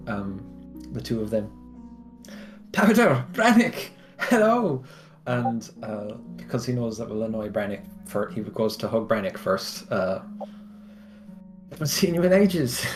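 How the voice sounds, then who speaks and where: A man's voice: lowish voice, a little mellow. Man player with music behind. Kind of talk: voicing a character at a tabletop game.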